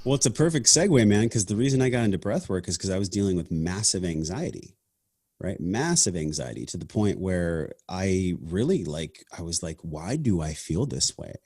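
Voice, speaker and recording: A man's voice: sits low, expressive, brisk, darkish tone, no room sound, studio quality. A man hosting a podcast, speaking in a reflective, earnest and casual way, often saying "man" and "like". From half Sicilian family heritage. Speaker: podcast host. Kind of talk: casual conversation.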